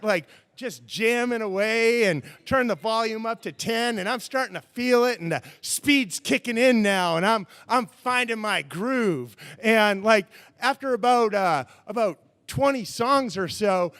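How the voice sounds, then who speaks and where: A man telling a true-life story on stage in a rambling, animated way, full of fillers. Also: high voice, no echo.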